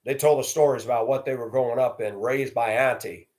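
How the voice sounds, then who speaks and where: A man's voice: medium pitch, steady tone, fairly quick, darkish tone. Blunt, plainspoken middle-aged man. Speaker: storyteller host. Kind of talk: personal storytelling monologue.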